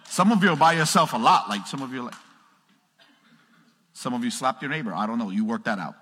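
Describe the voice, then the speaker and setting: Male pastor, energetic sermon, bright and a touch husky, big reverberant church hall. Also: medium pitch, fairly quick. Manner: energetic, calls out to the congregation, swings from loud to hushed. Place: church sanctuary. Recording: long reverb of a large hall.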